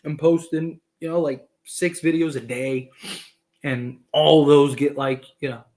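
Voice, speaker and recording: A man's voice: a little high, fairly even intonation, unhurried, a little mellow. A man hosting a casual livestream about basketball, rambling with many fillers and laughing often. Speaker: basketball commentator and streamer.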